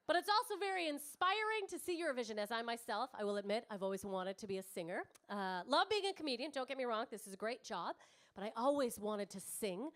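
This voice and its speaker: Brash high-voiced woman comic. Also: expressive, fast, a bit bright. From Canada. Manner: brash, swearing, chatty with the crowd. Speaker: stand-up comedian. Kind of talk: stand-up comedy set. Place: comedy club stage.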